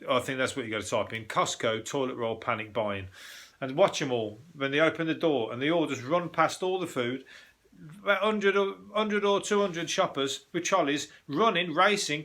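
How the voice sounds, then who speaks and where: A man talks through odd news stories on his own show. His voice is bright and forward, and he rambles, swears freely and keeps breaking off to joke. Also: fairly high pitch. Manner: sweary, jokey rambling with frequent laughs. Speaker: podcast host. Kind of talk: casual solo news commentary.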